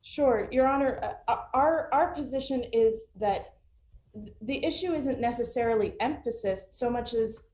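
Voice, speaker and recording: Brief: woman appellate lawyer, a bit high, halting and repeating herself, roomy echo. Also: dark tone. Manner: hesitant, many restarts and fillers. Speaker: appellate attorney. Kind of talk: remote oral argument.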